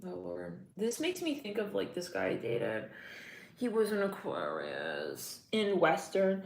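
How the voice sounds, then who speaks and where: A tarot reader gives a casual reading, chatty and slangy, and gets emotional as she talks. Her mid-range voice is very animated, slow and creaky, recorded in an echoey room with faint noise.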